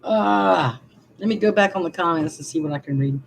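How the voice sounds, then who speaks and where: A woman's voice: lowish voice, moderate pace, gravelly, noisy background. A woman, venting frankly to viewers on a casual livestream and answering their comments with laughing asides. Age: 60s. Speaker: livestream vlogger reading comments.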